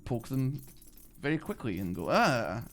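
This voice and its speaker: A man's voice: mid-range voice, expressive, moderate pace. Rambling British man streaming a game. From Britain. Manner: rambling, filler-heavy, restarts mid-thought. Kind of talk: live gameplay commentary, chatting with viewers. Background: faint game music.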